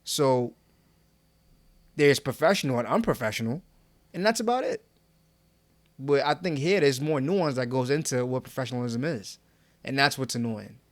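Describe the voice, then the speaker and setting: A man's voice: mid-range voice, lively intonation, moderate pace, long pauses, no room sound. A young man co-hosting a podcast, talking casually with slang and laughs. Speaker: podcast co-host.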